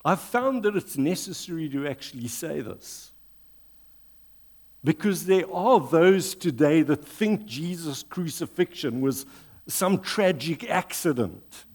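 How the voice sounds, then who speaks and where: A man preaching a sermon, reading scripture aloud in a deliberate, dramatic way before leading a prayer. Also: on the high side, expressive, a little mellow. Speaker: pastor.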